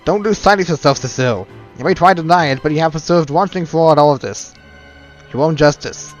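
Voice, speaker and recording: A man voicing a calm, wise male mentor knight who speaks in a steady, earnest, consoling way. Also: a little high, a little fast, faint music behind, natural voice.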